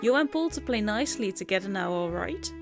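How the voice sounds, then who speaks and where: A woman's voice: medium pitch, expressive, fairly quick, soft background music, voice pushed down, natural voice. A woman voicing a fussy old lady who runs a pet shop in a video game, grandmotherly and scolding. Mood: motherly.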